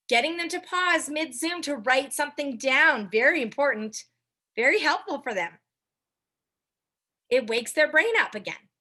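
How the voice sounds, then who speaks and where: A young woman giving a chatty coaching talk to a sales team, with quick asides to her listeners. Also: high voice, animated, pushed and bright. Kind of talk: casual training talk on a video call.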